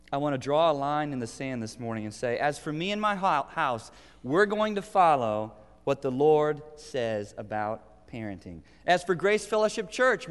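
Male pastor, 30s, earnest and emphatic sermon delivery; resonant, slightly high voice with long hall reverb. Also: clean tone. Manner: earnest, building to emphatic preaching. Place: church sanctuary.

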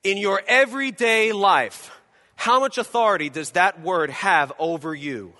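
A male pastor preaching a dramatic sermon in a church, acting out imagined voices and swinging between loud and quiet. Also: high-pitched, measured pace, in a large hall. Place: church hall.

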